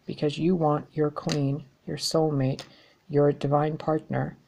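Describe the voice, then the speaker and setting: A woman with a low, gravelly voice delivers a tarot reading straight to her viewers. She is blunt and exasperated, and swears freely as she talks. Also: little pitch movement, a little slow, mellow, slight background noise. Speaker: tarot reader.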